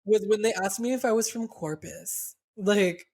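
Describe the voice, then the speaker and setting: A young man with a South Texas accent, co-hosting a casual podcast chat, talking freely with lots of "like" fillers and quick restarts. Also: high voice, darkish tone. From Rio Grande Valley, South Texas. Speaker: podcast co-host, drag performer.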